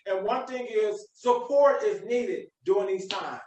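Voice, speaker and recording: A man's voice: sits high, unhurried, darkish tone. A man hosting a live podcast. He preaches with motivational emphasis. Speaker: podcast host. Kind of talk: live video podcast chat. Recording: echoey room, distant mic.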